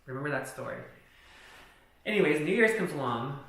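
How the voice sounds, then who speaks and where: A man's voice: a little high, lively intonation, fairly quick, fairly bright tone. A young man telling a personal story in a vlog, blunt and candid, with plenty of profanity. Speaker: vlogger. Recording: very echoey room.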